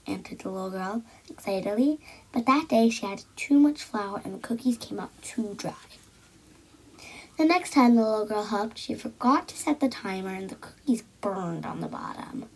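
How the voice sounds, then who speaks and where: A woman reading a children's picture book aloud, acting out the characters with lively voices and soft whispered moments. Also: mid-range voice, moderate pace, vocal fry, breathy edge, poor audio. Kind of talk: storybook read-aloud for children.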